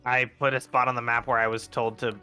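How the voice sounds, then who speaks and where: A man's voice: medium pitch, flat delivery, brisk, music in the background, lightly acted. A man playing a put-upon male crewman in a tabletop game, complaining in an aggrieved way. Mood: indignant. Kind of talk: tabletop role-play in character.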